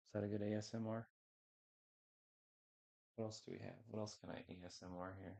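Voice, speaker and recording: Low gravelly man chatting on a stream. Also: little pitch movement, brisk, dark tone. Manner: rambling, unsure, talks to viewers. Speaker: livestream host. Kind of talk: casual livestream chat. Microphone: headset microphone.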